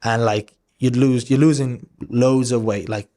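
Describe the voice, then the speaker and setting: A man in his thirties talks as a podcast guest. He tells a story casually and candidly. His speech rambles, with plenty of fillers and offhand swearing, and his voice sits at an ordinary middle pitch for a man. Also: steady tone, measured pace, warm tone. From Wales.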